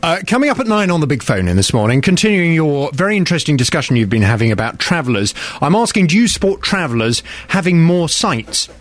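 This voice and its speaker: A man's voice: on the high side, big pitch swings, quick pace, few pauses. A man presenting radio in a studio, trailing his phone-in and playfully complaining to the co-host. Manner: mock-indignant, playful. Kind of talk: studio banter and show trail.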